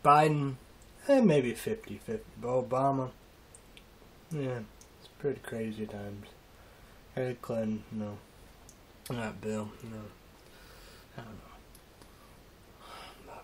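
A man rambling through a halting, emotional monologue in a casual vlog, trailing off and restarting often. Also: mid-range voice, fairly even intonation, a little hiss or hum. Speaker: vlogger.

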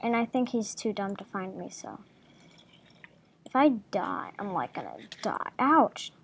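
Slow-talking woman gamer, jumpy murmured asides. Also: medium pitch, big pitch swings, creaky, slight background noise. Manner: jumpy, talks to herself, soft murmured asides. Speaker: gaming video creator. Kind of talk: casual game commentary.

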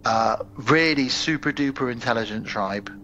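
A man co-hosting a podcast, casually retelling a film's plot with animated asides and quick acted-out quotes. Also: medium pitch, muffled recording, a little hiss or hum. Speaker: podcast co-host. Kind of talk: casual chat.

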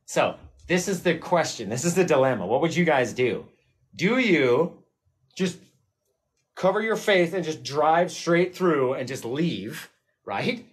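A man's voice: on the high side, big pitch swings, moderate pace. A man hosting a live painting stream, chatting casually with viewers in a rambling, self-mocking way and laughing often. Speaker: livestream painting host.

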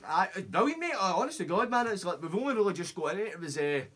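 A man's voice: high voice, lively intonation, fast, fairly bright tone, husky. A Scottish man hosting a podcast, chatting enthusiastically and swearing freely. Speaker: podcast host. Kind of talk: casual podcast chat.

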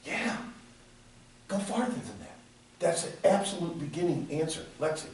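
A man teaches a ministry class, voicing both sides of conversations and laughing often. His voice sits fairly high with big swings in pitch, a moderate pace, and a darkish tone. The recording comes from a distance in an echoey room, with faint noise.

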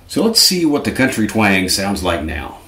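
A man's voice: on the low side, sing-song, normal speed, pushed and bright, reverberant, slight background noise. A man hosting a casual guitar amp tutorial, chatty and self-correcting with dry little asides. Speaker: guitar lesson host.

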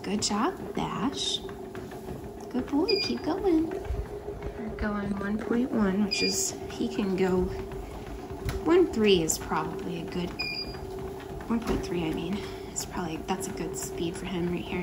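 A young woman vlogger talking fondly to her dogs at home, praising them softly and laughing often as they walk on a treadmill. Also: medium pitch, takes it slowly, reverberant. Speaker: vlogger and dog owner. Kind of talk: casual chat. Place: indoors at home beside a running treadmill. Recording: steady treadmill motor noise behind.

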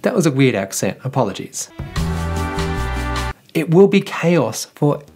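A man's voice: a little high, sing-song, unhurried, over music. An Australian man presenting tech news in a chatty, wry way, talking directly to his viewers. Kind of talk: casual news commentary.

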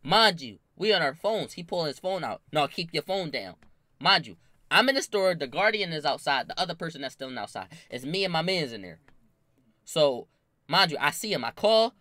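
A young man casually telling a wild story from his own life, animated and full of slang and swearing. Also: a little high, moderate pace, no echo. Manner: animated, slangy, swears a lot, bursts into loud laughing shouts.

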